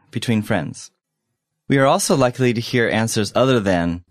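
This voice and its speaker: A man co-hosting a scripted English lesson, speaking clearly and deliberately as he models example phrases. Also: mid-range voice, sing-song, no room sound, clean studio sound. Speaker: English teacher.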